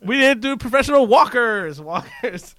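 A man co-hosting a radio show, chatting casually and telling stories in an animated way, laughing often. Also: extremely high pitch, moderate pace, dry recording, clean studio sound. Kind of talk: casual banter.

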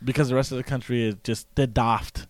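A young man chatting and joking, excitable and prone to slipping into silly accents. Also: medium pitch, rapid-fire. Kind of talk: casual chat.

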